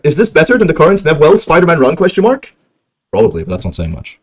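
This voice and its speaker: Fast, heated ranting man. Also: fairly high pitch, wildly swooping pitch. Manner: heated, profane, insulting rants. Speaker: streamer. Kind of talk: ranting stream commentary.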